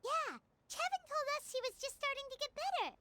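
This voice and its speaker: A woman voicing a tiny, chatty female fairy guide in a video game, with a squeaky, childlike voice and excited exclamations. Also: heavy background noise. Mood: chirpy. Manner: exclaiming, quick reactions. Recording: game audio with music behind.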